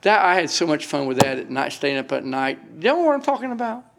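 A man's voice: on the high side, sing-song, fast talker, creaky, slight background noise. A middle-aged man, preaching a sermon with emphatic delivery and folksy asides to his congregation. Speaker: pastor.

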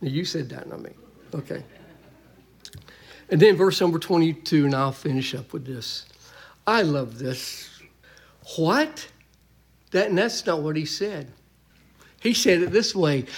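A man preaching a sermon in a church, folksy and emphatic, joking with the congregation. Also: sits high.

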